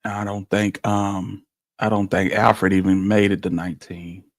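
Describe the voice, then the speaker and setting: A man speaking casually and somberly about people he knew, pausing often. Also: on the low side, little pitch movement, no echo, studio quality. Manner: slow, somber, with many pauses and fillers. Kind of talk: casual reflective talk.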